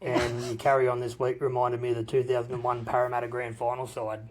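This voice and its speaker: A man in a recorded voice message, cheerfully roasting a podcast's hosts. There is a faint hiss behind him, and his pitch sits in the middle. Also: completely flat delivery, fast talker. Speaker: listener sending a voice message.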